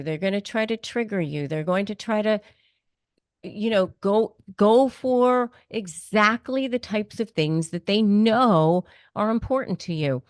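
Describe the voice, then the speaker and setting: A woman's voice: mid-range voice, dry recording. Emphatic woman host, dry close sound. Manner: emphatic, repeats key points. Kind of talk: advice interview.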